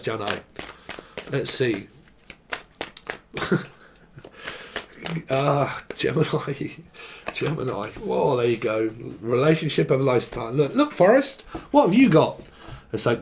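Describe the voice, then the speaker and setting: A man's voice: fairly high pitch, big pitch swings, unhurried, pauses often, slight background noise. Rambling, playful man doing a tarot reading. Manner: rambling and playful, acts out quoted voices, swears freely. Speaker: tarot reader.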